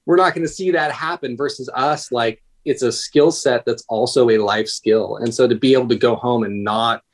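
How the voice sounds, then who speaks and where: A man's voice: mid-range voice, moderate pace. A man in his thirties, a paramedic guest on a podcast, chatting casually in a rambling, self-interrupting way. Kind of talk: casual conversation.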